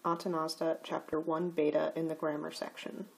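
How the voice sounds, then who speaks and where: A woman teaching a recorded slide lecture, explaining grammar rules slowly and carefully. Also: low voice, flat delivery, vocal fry, husky.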